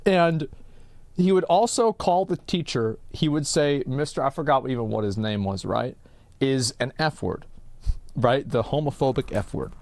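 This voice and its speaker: A man's voice: medium pitch, moderate pace, darkish tone, no echo. A man from Texas hosting a live stream, telling a long story in a rambling, profane way full of filler words.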